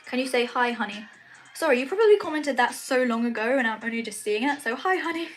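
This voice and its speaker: A woman's voice: fairly high pitch, lively intonation, fast talker, soft background music, low-quality recording. A British woman chatting casually on a live stream, reading out viewer comments and answering them in a chatty, apologetic way. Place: home, at night.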